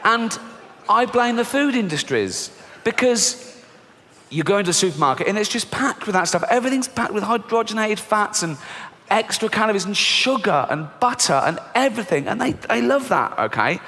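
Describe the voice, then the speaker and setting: British comedian, mock-outraged and lively. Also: male voice, high-pitched. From Britain. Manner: mock-outraged, sarcastic, swearing. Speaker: stand-up comedian. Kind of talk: stand-up comedy. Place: large theatre stage. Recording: live theatre reverb with audience noise.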